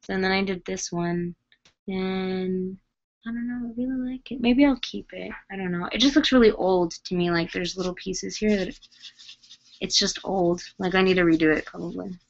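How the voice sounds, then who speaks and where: Female doll vlogger, rambling casual chat, mid pitch, dull lo-fi recording. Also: moderate pace. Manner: rambling, chatty, many fillers. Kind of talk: casual chat while working.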